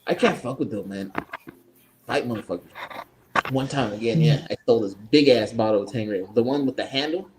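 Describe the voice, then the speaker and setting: A man co-hosting a podcast, telling profane, animated party stories in casual chat. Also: medium pitch, a little fast, background noise. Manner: profane, animated anecdotes with acted-out quotes. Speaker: podcast co-host.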